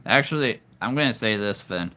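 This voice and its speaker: A man hosting a casual livestream, chatting with viewers, laughing often and jumping up in pitch when excited. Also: a little fast, smooth. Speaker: livestream host. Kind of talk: casual livestream chat reading comments.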